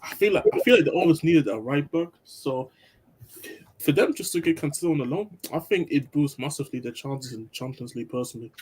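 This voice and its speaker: A man's voice: on the high side, a little fast, darkish tone, slightly rough. A man in casual chat, hesitant and repeating his words.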